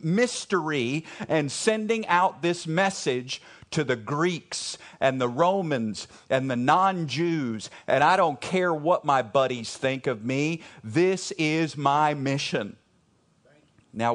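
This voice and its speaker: A man with a Texan accent preaching a conversational, emphatic sermon to his congregation, repeating key phrases for emphasis. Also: fairly high pitch. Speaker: pastor.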